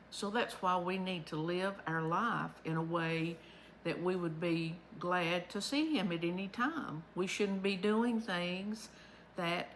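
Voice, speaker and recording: A woman's voice: on the low side, vocal fry, fairly bright tone, a little hiss or hum, rough recording. A woman giving a chatty, homespun devotional talk as the host of her own vlog, recorded at home.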